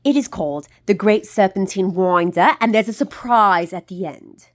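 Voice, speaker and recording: A woman's voice: mid-range voice, moderate pace, close to an everyday voice. A woman doing a cheerful chimp guide.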